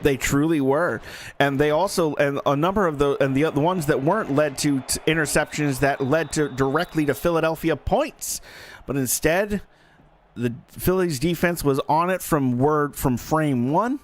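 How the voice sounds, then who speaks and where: A man's voice: on the high side, normal speed, a little hiss or hum. A man giving live play-by-play commentary on a simulated football game in a folksy, joking manner that talks straight to the audience.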